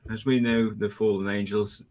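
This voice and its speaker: A man with a fairly low voice co-hosts a casual mystery podcast. He muses and speculates, trailing off and hedging, with the odd laugh between points. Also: flat delivery, moderate pace, darkish tone. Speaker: podcast co-host. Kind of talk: casual conspiracy chat.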